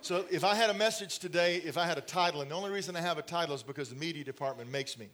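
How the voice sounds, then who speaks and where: Male pastor with a high voice, middle-aged, telling a story in a sermon in church, chuckling and chatty. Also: very fast, fairly bright tone, a little hiss or hum. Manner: storytelling with laughs and asides to the congregation. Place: church in front of a congregation.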